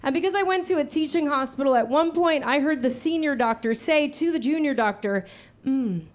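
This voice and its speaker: A woman in her thirties performing a stand-up comedy set on a stage mic, telling wry, punchy stories and slipping into quick character voices. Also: high-pitched. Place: comedy show before a laughing audience. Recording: live show with loud laughter behind.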